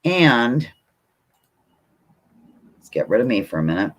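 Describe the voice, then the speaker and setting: A woman's voice: extremely low pitch, unhurried. A woman hosting a live trivia stream from her computer, chatting with viewers and reading answers aloud. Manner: chatty, narrates her own actions, excitable. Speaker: livestream host running a trivia game. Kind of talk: casual live-stream chat.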